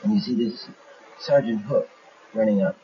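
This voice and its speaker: A man who works as an animator explains his film in a documentary, lively and acting out scenes as he goes. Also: on the low side, normal speed. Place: animation studio. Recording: dull 1970s documentary audio with faint hiss.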